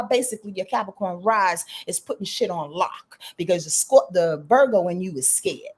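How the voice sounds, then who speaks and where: A woman astrologer giving lively, slangy live-stream readings, answering viewers by name and swearing freely. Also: medium pitch, normal speed, hardly any pauses, husky. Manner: animated, slangy, swears freely, reads viewer comments aloud.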